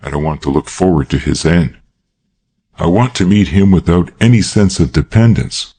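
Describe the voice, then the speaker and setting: An earnest young man pleading with passion in a classic crime audiobook, as a male narrator plays him. His voice is very deep and dark, with a husky edge. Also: moderate pace.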